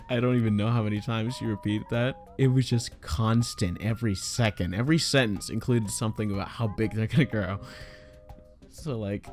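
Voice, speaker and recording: A young man telling a casual story to his viewers, excitable and exasperated, tripping over his words and using a lot of slang. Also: lowish voice.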